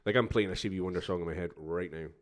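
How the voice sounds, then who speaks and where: A man's voice: low-pitched, rapid-fire. A man co-hosting a podcast, joking and teasing in casual banter. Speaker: podcast co-host.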